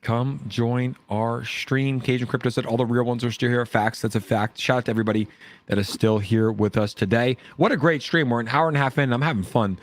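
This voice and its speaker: A man hosting a livestream from his home, chatting excitedly and repeating himself to rally the viewers. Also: medium pitch, quick pace, dry recording. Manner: hyped, repetitive, shouts out chat. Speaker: livestream host. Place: home in Orange County.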